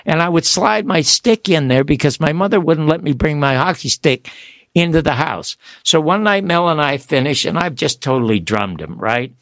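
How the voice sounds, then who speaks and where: Gravelly older man telling stories. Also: fairly high pitch, dry recording, clean studio sound. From Toronto, Canada. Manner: lively, animated storyteller with restarts. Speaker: guest storyteller. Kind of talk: radio interview storytelling.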